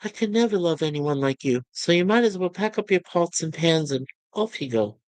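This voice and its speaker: A man voicing a cool, dismissive young woman officer, talking in a brisk, offhand way. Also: a little high, lively intonation, no echo, lightly acted.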